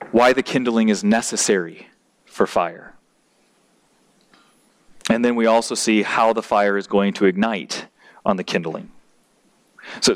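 A man preaching a sermon as pastor in a church, earnest and building to emphatic points. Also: lowish voice.

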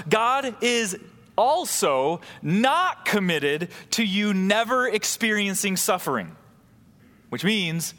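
A man's voice: a little high, a bit bright, long reverb tail. A man preaching a sermon, reading scripture and then explaining it with emphatic rises and drops.

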